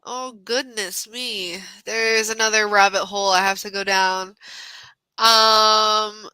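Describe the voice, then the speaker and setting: A woman's voice: medium pitch, steady tone, takes it slowly, sharp tone, clean tone, no echo. A woman hosting a live wrestling watch party, chatting casually and laughing often. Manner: giggly, chatty, frequent laughs. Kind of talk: casual live-stream chat.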